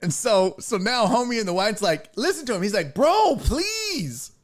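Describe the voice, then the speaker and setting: A man's voice: fairly quick, heavy background noise. A man hosting a show, casually commenting on a video with profane jokes and mimicking the people in it. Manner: animated, profane, mimics people in high voices. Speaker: show host.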